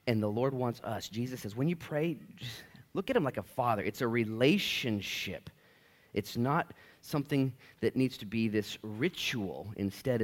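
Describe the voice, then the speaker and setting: A man preaching a sermon, casual and conversational, acting out little asides as he teaches. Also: on the low side. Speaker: pastor. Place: church.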